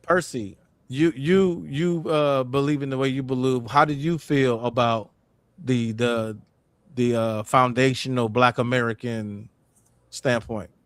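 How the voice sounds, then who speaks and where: A man's voice: medium pitch, fairly even intonation, unhurried, clean tone, no echo. A man hosting a casual talk show, speaking loosely and in slang as he asks a panelist a question. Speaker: host. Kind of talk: casual discussion.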